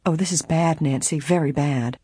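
A narrator reading a fretful older housekeeper. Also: female voice, sits low, moderate pace, dark tone, slight background noise, lightly acted. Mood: alarmed. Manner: fretful, exclaiming.

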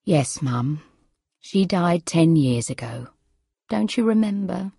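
A woman's voice: lowish voice, animated, slow, gravelly, dark tone, husky, dry recording, studio quality, full character voice. A woman voicing a tired middle-aged daughter who sounds patient but worn out. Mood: weary. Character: tired, strained middle-aged daughter caring for her mother.

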